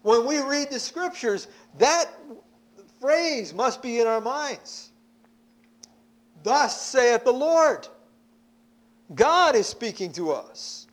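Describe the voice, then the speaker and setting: Slow, high, lively male preacher. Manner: emphatic, repeats words when stressing points. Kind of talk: sermon.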